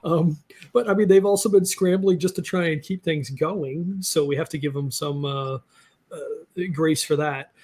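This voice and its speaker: A man's voice: fairly high pitch, steady tone, moderate pace, darkish tone. A man hosting a podcast, chatting loosely and upbeat with lots of fillers. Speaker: podcast host. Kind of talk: casual podcast chat.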